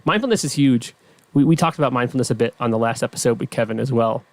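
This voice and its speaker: A man's voice: medium pitch, fast talker, dry recording. A man hosting a podcast, chatting casually and explaining ideas to the audience in a conversational way. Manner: conversational, explaining, reassuring asides. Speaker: podcast host. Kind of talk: casual interview chat.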